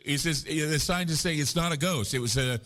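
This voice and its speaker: A man's voice: on the high side, a little fast, fairly bright tone. Rambling, joking man telling stories. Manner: rambling, joking, self-deprecating storyteller. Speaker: paranormal conference guest. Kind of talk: casual chat. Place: live at a conference.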